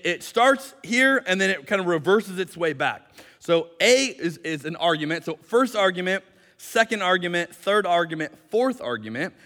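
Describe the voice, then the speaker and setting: A man's voice: high-pitched, pushed and bright, long reverb tail. A male pastor preaching a sermon in a conversational, explanatory way with light jokes, speaking in a church sanctuary.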